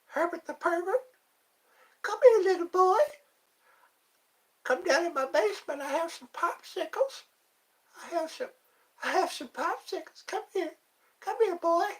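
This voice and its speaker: Herbert the Pervert. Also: male voice, extremely high pitch, animated, measured pace, pauses often, recorded from a distance, pitched above the performer's own voice, rough recording. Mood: creepy coaxing. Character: creepy old man cartoon character luring a boy. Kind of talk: cartoon voice impression.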